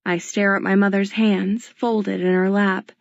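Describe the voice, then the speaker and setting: Slow, gravelly woman narrator. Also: mid-range voice, little pitch movement, no room sound, lo-fi sound. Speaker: audiobook narrator. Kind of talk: scripted first-person narration.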